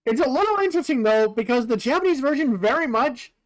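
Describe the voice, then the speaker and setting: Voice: high-pitched, animated, quick pace. A streamer giving casual game commentary, musing aloud with frequent fillers and the odd curse. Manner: casually profane.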